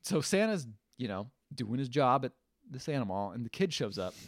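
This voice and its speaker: Podcast host, male, animated storyteller, pitch all over the place, dry mic. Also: normal speed, no room sound. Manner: animated, acts out quotes with jumps in pitch and laughs. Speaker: podcast host recapping a movie. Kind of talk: casual movie recap chat.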